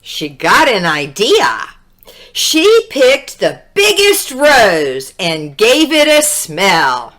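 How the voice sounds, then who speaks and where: A woman with a medium-pitched voice reads a children's storybook aloud, expressive and drawn-out, adding little asides to the listener.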